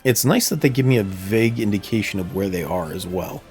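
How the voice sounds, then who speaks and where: A man on the low side of pitch, animated and brisk with a slightly mellow tone, livestreams a video game from a room at home near the plumbing. Over faint music, he chats casually into a desk mic, rambling and laughing frequently.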